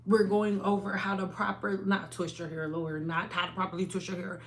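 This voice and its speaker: A woman hosting a hair care livestream from home, talking to her viewers in a casual, animated and emphatic way. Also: mid-range voice, fairly quick, a little hiss or hum.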